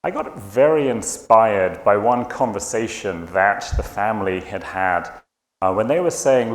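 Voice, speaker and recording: A man's voice: lowish voice, animated, measured pace. A man from the United Kingdom with a British accent, giving a conference talk in a large hall, hesitant with frequent fillers. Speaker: conference speaker. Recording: echoey hall.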